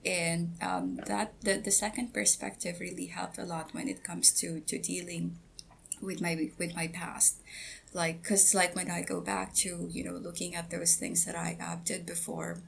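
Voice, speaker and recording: A woman guest on a podcast, talking hesitantly with many pauses and fillers, and giggling. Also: lowish voice, little pitch movement, creaky, slight background noise. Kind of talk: casual podcast chat.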